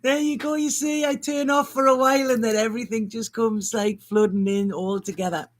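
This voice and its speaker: A woman giving an improvised spiritual reading, halting and rambling as she restarts her phrases. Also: fairly high pitch, steady tone. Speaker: astrology and intuitive reader.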